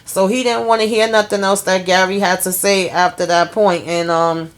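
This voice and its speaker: A woman's voice: mid-range voice, fairly even intonation, normal speed. A woman hosting a casual TV episode recap in a chatty way, acting out the characters' lines as she retells them. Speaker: TV recap host.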